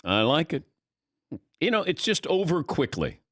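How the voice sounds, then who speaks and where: Talk show host, male, upbeat, higher voice, dry close mic. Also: measured pace, no room sound. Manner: upbeat, animated, laughs often. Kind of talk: casual studio banter. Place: radio studio.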